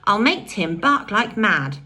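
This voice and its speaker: Fierce bossy tomboy girl, a lady reading her, bouncy breathy voice. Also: medium pitch, sing-song, slow pace, pushed and bright, heavily acted. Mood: urgent. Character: bold tomboyish girl, fearless and commanding.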